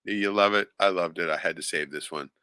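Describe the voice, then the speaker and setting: A man's voice: deep voice, quick pace, bright, forceful tone, clear, resonant tone, dry recording. A man giving sarcastic, profane commentary on video clips as the host of a streamed show. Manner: sarcastic, swears a lot.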